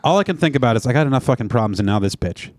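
A man co-hosting a casual podcast, telling an animated, profane story. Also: medium pitch, very fast, no room sound. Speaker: podcast co-host. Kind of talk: casual chat.

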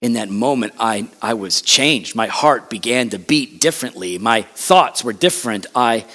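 A man preaching a sermon, impassioned and conversational, with loud emphatic peaks and quick asides. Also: mid-range voice, lively intonation. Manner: conversational asides and acted quotes. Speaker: pastor.

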